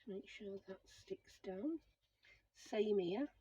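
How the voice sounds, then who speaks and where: A woman's voice: mid-range voice, expressive, takes it slowly, dark tone, breathy edge, lo-fi sound. A middle-aged woman, chatting to herself as she works on a craft project and explains each step. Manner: chatty, self-talking while working. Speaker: crafting channel host. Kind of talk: casual crafting commentary.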